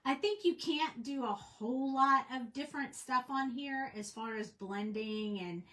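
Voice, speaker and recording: A woman's voice: high-pitched, measured pace, a bit bright, low-quality recording. A woman casually teaching a coloring tutorial on a livestream, chatty and rambling with plenty of fillers. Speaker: craft instructor.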